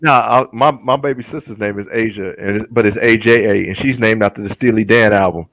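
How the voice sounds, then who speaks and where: A man in a casual podcast conversation, chiming in with quick, easygoing remarks. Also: fairly low pitch, fairly even intonation, a bit bright, poor audio.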